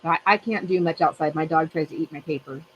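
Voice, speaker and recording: A woman's voice: sits low, quick pace, muffled recording, slight background noise. A middle-aged woman hosting a casual chat with friends, telling a rambling story and laughing often. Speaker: channel host.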